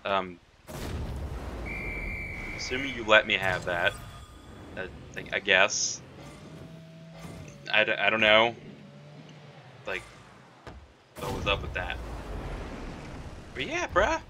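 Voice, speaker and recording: A young man giving excited, trash-talking commentary while playing a video game, tossing "man" and "mate" into nearly every line. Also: lowish voice, slow, long pauses, background noise. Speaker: gamer. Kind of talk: live gameplay commentary.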